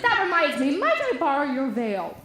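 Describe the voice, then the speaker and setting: A woman's voice: high-pitched, wildly swooping pitch, normal speed, a bit bright, exaggerated voice. A woman playing a tipsy, worldly chaperone who drawls theatrically in a stage musical. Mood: drowsy. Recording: echoey stage hall.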